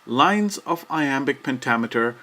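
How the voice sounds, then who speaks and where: A man giving a scripted educational narration about verse, measured and steady, slowing down to recite quoted lines. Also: medium pitch. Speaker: lecturer.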